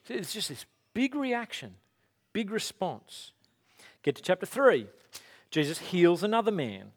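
A man's voice: high-pitched, a little slow. A man giving a casual, conversational sermon, telling stories and acting out quotes. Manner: casual, animated storytelling with acted-out quotes. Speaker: pastor.

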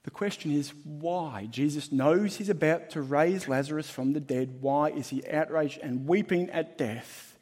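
A man preaching a sermon as pastor, emphatic and shifting between loud and hushed. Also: fairly high pitch, measured pace, hardly any pauses, breathy edge. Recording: long hall reverb.

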